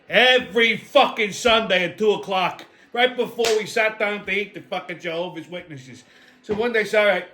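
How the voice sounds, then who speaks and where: A high-voiced man holds forth in a profane comic rant, blunt and combative. He keeps punching lines with "okay?" and acts out both sides of his stories. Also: fairly bright tone. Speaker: host. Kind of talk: profane comedic weekly rant.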